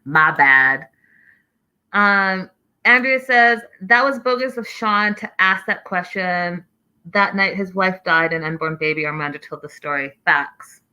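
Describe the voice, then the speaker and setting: Chatty woman hosting a bright recap stream. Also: lowish voice, a little slow, clean tone, rough recording. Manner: chatty, reads out live chat messages. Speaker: host of a reality TV recap show. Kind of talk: casual live-stream recap with chat reading.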